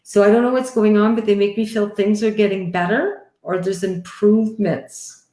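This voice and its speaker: A woman chats warmly into her live stream from home, calling her viewers honey and sweetheart. Her voice sits at an ordinary mid pitch. The room around her sounds noticeably echoey. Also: steady tone, moderate pace. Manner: chatty and affectionate, calls people honey and sweetheart. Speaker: livestream host giving psychic readings. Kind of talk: casual live-stream chat. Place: home, indoors. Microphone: headset or computer mic on a live stream.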